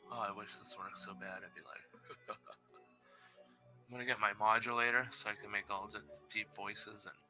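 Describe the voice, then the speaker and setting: A man with a very bright, sharp tone hosts a casual live stream over a headset mic. He chats loosely, pokes fun at himself and reads scary stories aloud. Faint music plays behind him. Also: on the low side, fairly even intonation, a little fast, hardly any pauses. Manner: loose, chatty and self-deprecating, laughs often. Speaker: live show host.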